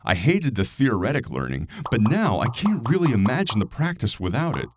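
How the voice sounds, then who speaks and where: A man reading a scripted product review as a hired voice actor, in a lively, expressive way. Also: mid-range voice, moderate pace. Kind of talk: scripted narration.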